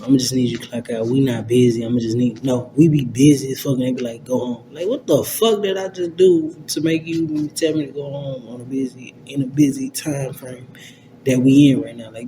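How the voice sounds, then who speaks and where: A young man ranting to camera in a casual vlog, slangy and profane, rambling with lots of fillers. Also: brisk. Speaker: vlogger. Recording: steady low rumble in background.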